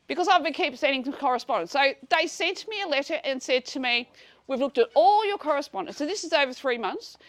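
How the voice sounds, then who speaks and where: Blunt high-voiced woman in her sixties. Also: no echo. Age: 60s. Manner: blunt and animated, swears freely, acts out conversations. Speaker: speaker at a community meeting. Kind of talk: casual storytelling to a live group.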